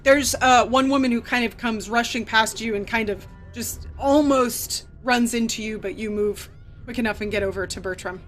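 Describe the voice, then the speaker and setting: A woman's voice: fairly high pitch, normal speed, a bit bright, faint music behind. A woman narrating as game master of a live horror tabletop game, chatty and loose with many fillers and restarts.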